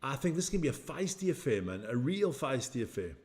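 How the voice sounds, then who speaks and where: A man's voice: mid-range voice, very animated, brisk, darkish tone. Middle-aged male stream host, rambling and chatty, mid-range voice, answers viewers and jokes about getting old. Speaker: watch-along stream host. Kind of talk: casual live stream chat reacting to a match.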